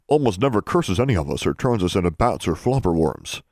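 A man voicing a timid male library elf who speaks in quaint, ungrammatical hushes, reading a storybook. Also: sits low, very animated, a little fast, no echo, studio quality, heavily acted. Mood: hushed.

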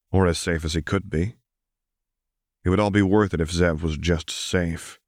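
A man narrates a story in a very deep voice that stays flat and even. His read is steady and measured. The recording is dry and close, with no room around it. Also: no room sound. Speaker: audiobook reader. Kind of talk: scripted narration.

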